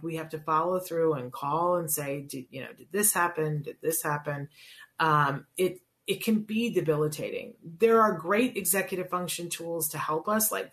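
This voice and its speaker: Middle-aged female talk host, low-ish voice, chatty and earnest, rambles with fillers. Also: fairly bright tone. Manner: chatty and earnest, lots of fillers and self-corrections. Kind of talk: casual talk show monologue.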